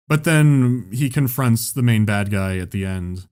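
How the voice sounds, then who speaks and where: A man telling a story in casual chat. He is animated and swears often, and he laughs at his own story. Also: mid-range voice, a little slow, hardly any pauses, over music. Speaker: podcast host.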